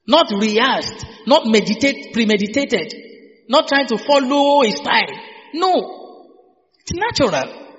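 A man's voice: very high-pitched, very animated, unhurried, fairly bright tone. A man preaching a sermon, drilling phrases with call-and-response and having the congregation repeat after him. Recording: dull hall reverb with faint music.

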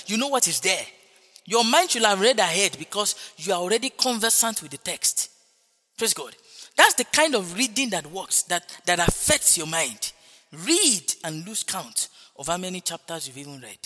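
A man preaches with a high, bright voice that rings out through a large, echoing hall. He presses his points with repeated rhetorical questions and keeps punctuating them with interjections of praise. The delivery is emphatic and exhorting. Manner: emphatic, repeating refrains like "Praise God" and "Hallelujah". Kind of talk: sermon.

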